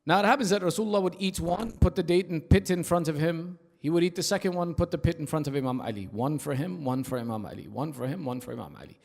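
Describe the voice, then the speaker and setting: A male preacher giving an emphatic, rhythmic sermon at an Islamic center, telling stories and dropping into hushed asides. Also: fairly high pitch, fast talker, creaky, hardly any pauses. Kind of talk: sermon with storytelling. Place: large prayer hall of an Islamic center. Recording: long hall reverb.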